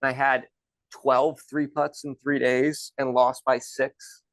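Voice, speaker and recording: A man's voice: medium pitch, little pitch movement, slow, fairly bright tone, dry recording, poor audio. Chatty man, dry close sound. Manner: chatty, loose, many restarts and "like". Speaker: guest, golf instructor and former pro golfer. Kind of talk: casual storytelling.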